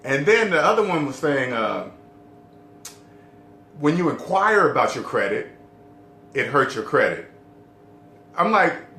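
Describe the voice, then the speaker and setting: A middle-aged man talks casually to the camera, emphatic and repetitive. His voice sits a little high and swings widely in pitch. The room adds a noticeable echo, with a faint rumble underneath. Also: sing-song, measured pace, long pauses, bright, forceful tone. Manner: emphatic, repeats key points, asks the viewer questions. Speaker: debt-free living vlogger.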